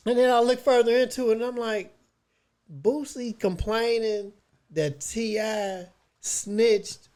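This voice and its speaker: A man's voice: very high voice, steady tone, a little mellow. Laid-back co-host man. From Chicago. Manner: laid-back, halting, restarts often. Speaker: podcast co-host. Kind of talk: casual chat.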